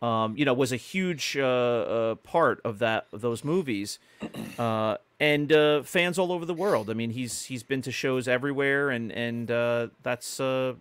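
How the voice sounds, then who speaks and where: A man's voice: mid-range voice, unhurried, fairly bright tone, clean tone, no room sound. Chatty man, dry close sound. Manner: chatty storyteller, many fillers and restarts. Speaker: podcast co-host. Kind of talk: casual podcast chat.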